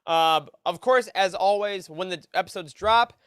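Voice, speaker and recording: A man's voice: high voice, moderate pace, a bit bright, smooth, no room sound, clean studio sound. A man hosting a fan podcast, upbeat and enthusiastic as he chats and signs off the show. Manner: upbeat, enthusiastic sign-offs. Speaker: podcast host. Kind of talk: casual chat and show outro.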